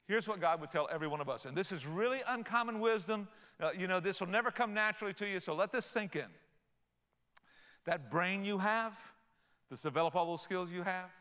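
An older man preaching a sermon, folksy and animated, telling playful stories. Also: sits high. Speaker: pastor.

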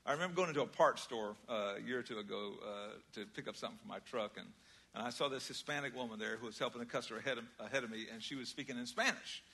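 An older man preaching a sermon, conversational and storytelling, moving between loud emphasis and quiet asides. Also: mid-range voice, racing, gravelly, slightly rough. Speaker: pastor.

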